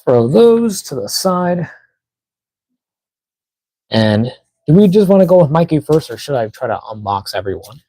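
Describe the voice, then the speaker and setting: A man's voice: a little high, very animated, unhurried, long pauses, mellow, no echo, rough recording. A man chatting casually to himself while unboxing toys on a live stream, muttering as he fiddles with the packaging. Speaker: toy collector streamer.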